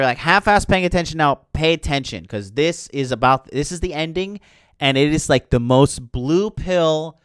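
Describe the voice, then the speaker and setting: A man's voice: fairly high pitch, clean tone, dry recording, clean studio sound. A man hosting a podcast, recapping a movie in a casual, indignant rant full of swearing and fillers. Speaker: podcast host.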